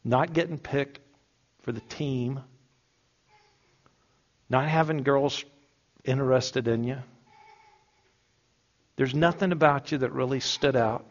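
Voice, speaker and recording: A man preaching a sermon in a conversational, humorous way, slowing down to stress key words. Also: medium pitch. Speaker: pastor. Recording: dull lo-fi sound.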